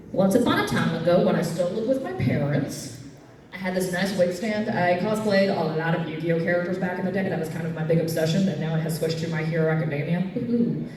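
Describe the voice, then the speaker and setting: A woman telling comic stories on stage at a convention, lively and quick to leap into squeaky voices. She sounds far from the mic, and the sound rings around a big echoey hall. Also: background noise. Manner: animated, jumps to squeaky highs for quoted fans. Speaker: cosplay comedian. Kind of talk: stand-up comedy storytelling. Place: convention panel room.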